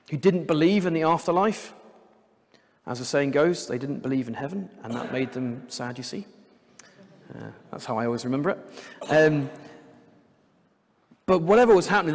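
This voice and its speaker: A man preaching a sermon in a church, his voice a touch higher than usual for a man. He talks in a conversational way and slips in light jokes. His words ring out with a long hall reverb. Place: church sanctuary.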